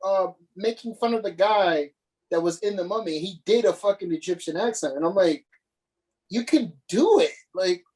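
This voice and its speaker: A man's voice: high voice, normal speed, darkish tone, poor audio. A man co-hosting a podcast, ranting in casual chat with plenty of profanity and exasperation. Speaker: podcast co-host.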